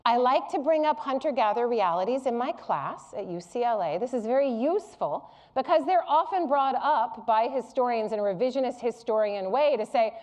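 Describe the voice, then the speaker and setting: A woman's voice: fairly high pitch, a little fast, hardly any pauses. A middle-aged woman giving a public lecture to a live audience, candid and humorous as she tells personal stories. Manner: candid, humorous, animated storytelling.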